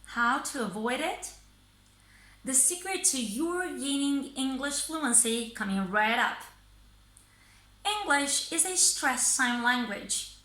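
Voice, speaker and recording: Woman, English teacher, bright, slow and deliberate, echoey room. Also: high voice. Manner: slow, deliberate, pausing by thought groups. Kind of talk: scripted teaching monologue.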